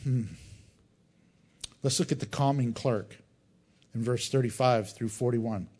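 A middle-aged male pastor preaching a sermon, animated and joking, acting out crowd voices as he goes. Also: mid-range voice, measured pace, breathy edge. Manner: animated, acts out crowd voices, jokes and chuckles.

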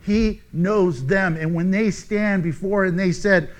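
A man teaching a sermon verse by verse, animated and joking, acting out the quoted speech. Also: sits high, unhurried, hardly any pauses. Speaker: preacher.

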